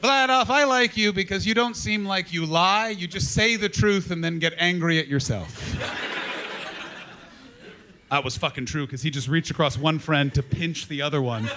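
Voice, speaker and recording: Brash high-voiced comic. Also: male voice, pushed and bright, a little hiss or hum. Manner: brash, profane, rapid-fire teasing of the audience. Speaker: stand-up comedian. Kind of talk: stand-up crowd work. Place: comedy club stage before a live audience. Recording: live club recording with crowd laughter. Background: audience laughter.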